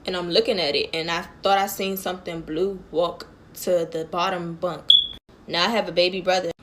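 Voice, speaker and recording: A woman's voice: lowish voice, steady tone, normal speed, noisy background. A woman chatting loosely to her phone camera as she tells a scary story, talking straight to her viewers.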